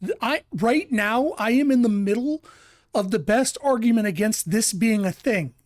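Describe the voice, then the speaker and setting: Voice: mid-range voice, normal speed, a little mellow, no room sound, studio quality. A game streamer chatting casually during a live stream, rambling, restarting sentences and laughing often.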